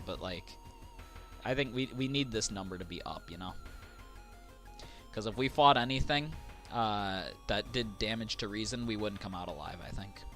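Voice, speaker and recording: A man's voice: lowish voice, fairly bright tone. Casual man streaming a game. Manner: reads on-screen game text aloud between casual asides to viewers. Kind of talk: live gameplay commentary.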